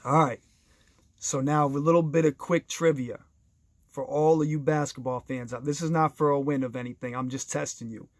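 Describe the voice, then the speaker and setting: A man's voice: fairly high pitch, fairly even intonation, moderate pace, dry recording. Enthusiastic man telling stories, dry sound. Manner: enthusiastic, conversational, addresses listeners directly; briefly acts out other people's voices in quoted dialogue. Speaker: storyteller sharing basketball anecdotes. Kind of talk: casual storytelling monologue.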